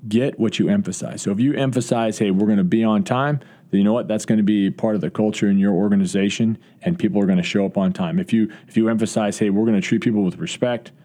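A man's voice: on the low side, steady tone, fast, hardly any pauses, dark tone. A man who is a college football coach, answering interview questions earnestly, with frequent restarts and fillers. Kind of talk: podcast interview.

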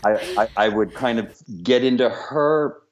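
A man's voice: medium pitch, measured pace. A man, a director and choreographer, talking candidly and with humor in a remote interview over a video call. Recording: dull lo-fi call audio.

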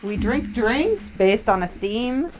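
A woman's voice: fairly high pitch, expressive, slow pace, darkish tone, a little hiss or hum. A woman co-hosting a casual podcast in a home basement, playful and rambling, laughing easily. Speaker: podcast co-host.

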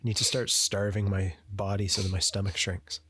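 A man's voice: lowish voice, little pitch movement, moderate pace, a bit bright, slight background noise. A young man co-hosting a casual podcast, laid-back, mostly short reactions and dry jokes. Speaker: podcast co-host. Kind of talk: casual chat.

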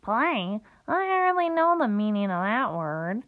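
A woman's voice: mid-range voice, very animated, a little slow, dry recording. A woman doing a sour, crafty old rat. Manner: sour and scornful. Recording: tinny phone-like recording.

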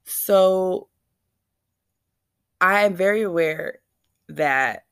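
Gravelly low-voiced woman telling a rambling story. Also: extremely slow, fairly bright tone, no room sound, clean studio sound. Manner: rambling, anxious, self-questioning. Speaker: vlogger. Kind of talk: casual confessional storytelling.

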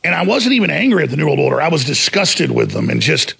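A man hosting a talk show, ranting in a combative, mocking way and shouting for emphasis, with a raspy, gravelly voice. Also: on the high side, very animated, quick pace. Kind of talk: heated talk radio rant.

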